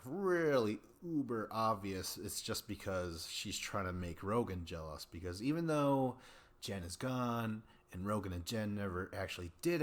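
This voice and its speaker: Male podcast host, young adult, low-ish voice, casual rambling delivery, swears a lot. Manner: rambling, profane, chatty with many fillers. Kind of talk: casual solo recap chat.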